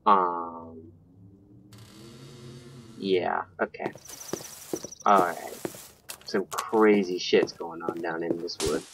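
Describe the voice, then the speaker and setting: A man's voice: deep voice, steady tone, very slow, pauses often, background noise. A man giving let's play commentary, thinking aloud and swearing when startled. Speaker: gaming channel host.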